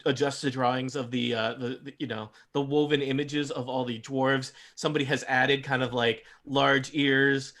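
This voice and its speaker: A man's voice: mid-range voice, little pitch movement, moderate pace, few pauses, a bit bright. A man running a tabletop game as game master, describing scenes in a loose, rambling way full of fillers. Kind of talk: narrating a tabletop game, casual.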